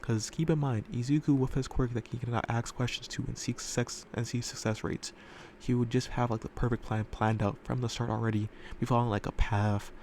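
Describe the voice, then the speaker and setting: A man's voice: mid-range voice, steady tone, a little fast, hardly any pauses, darkish tone, a little hiss or hum. A man telling a fan story casually, rambling with lots of fillers and loose swearing, recorded in a room at home.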